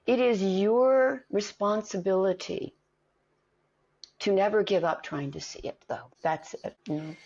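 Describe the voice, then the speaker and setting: In a dull lo-fi recording with a little hiss or hum, a middle-aged woman speaks at a measured pace in a medium-pitched voice. An acting coach, she tells stories conversationally and brings the quoted voices to life.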